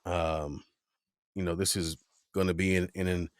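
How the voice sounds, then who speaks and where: A man hosting a podcast in casual chat, playful and lively, egging his guest on. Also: sits low, a little slow, no echo, clean studio sound. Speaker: podcast host.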